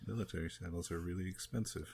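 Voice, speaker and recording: A man's voice: low voice, fast, vocal fry, darkish tone, husky. A man playing a tabletop game, chatting casually. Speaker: player.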